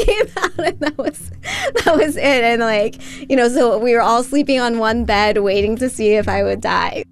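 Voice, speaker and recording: A woman recounting a personal story in an interview, casual and full of fillers. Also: medium pitch.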